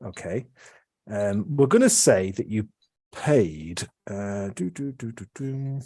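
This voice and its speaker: A man running a tabletop game as game master, explaining rules in a relaxed, chatty way. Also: mid-range voice, slow, creaky, no room sound.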